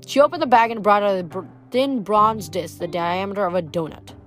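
A woman reading a novel aloud chapter by chapter, in a plain steady way with small slips. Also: medium pitch, a little fast, soft background music. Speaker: audiobook reader.

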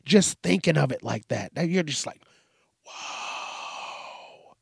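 A man's voice: a little high, lively intonation, brisk, vocal fry, slightly rough, no echo, studio quality. A man hosting a casual, profane news commentary show, rambling and laid-back as he reacts to stories. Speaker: host.

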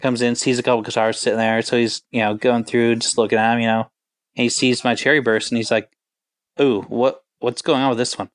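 Man in his 40s, musician guest, talks in a flat, level tone, smooth voice, dry close sound, loose and rambling. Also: medium pitch, brisk, no echo. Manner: rambling, laid-back, full of filler words. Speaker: touring band guitarist. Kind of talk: casual interview storytelling.

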